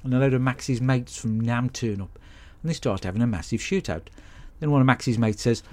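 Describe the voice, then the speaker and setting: Male podcast host, deadpan and sweary, dry comic film recaps. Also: medium pitch, normal speed, few pauses. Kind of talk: comic film review monologue.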